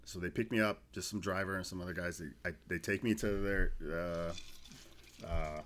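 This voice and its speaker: Brief: low-voiced man in his 40s, army veteran guest, swears freely while spinning casual podcast stories. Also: steady tone, moderate pace, fairly bright tone, slight background noise. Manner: loose, profane storytelling with restarts. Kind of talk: casual storytelling podcast chat.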